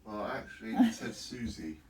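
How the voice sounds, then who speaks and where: A man's voice: on the low side, normal speed, crowd noise. A man casually recounting an anecdote in a home living room, animatedly acting out the voices of the people he quotes. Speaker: vlogger.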